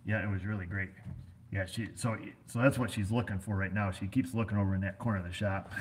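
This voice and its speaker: A man's voice: fairly low pitch, steady tone, fast, background noise. A middle-aged American man who runs an auto repair shop, chatting casually in a folksy, rambling way full of fillers. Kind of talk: casual rambling vlog chat.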